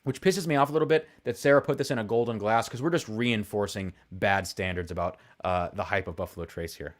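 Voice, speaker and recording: A young man with a somewhat low voice chats casually to his live audience. He rambles, thinks aloud and pokes fun at himself, with plenty of fillers along the way. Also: a little fast. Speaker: whiskey livestream host. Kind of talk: casual live-stream chat.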